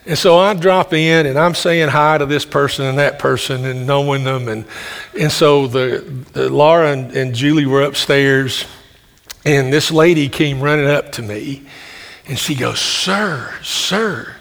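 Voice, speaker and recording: A man preaching a sermon, telling stories in a loud, carrying voice with many restarts. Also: medium pitch, fairly even intonation, moderate pace. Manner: folksy storytelling with frequent restarts. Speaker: pastor. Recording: long reverb of a hall.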